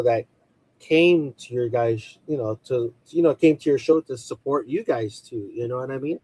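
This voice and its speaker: A man's voice: fairly high pitch, a little mellow, no echo, low-quality recording. A man guest on a casual video call chat, rambling and repeating himself as he talks. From Filipino community. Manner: rambling, repeats "at the end of the day". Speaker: guest, toy seller.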